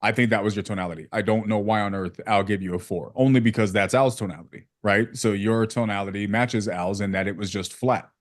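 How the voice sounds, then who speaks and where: A man's voice: on the low side, fairly even intonation, a little fast, few pauses, no echo, studio quality. A man giving direct sales-call feedback in a casual coaching session, using slang and acting out examples. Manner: casual slang, calls people bro.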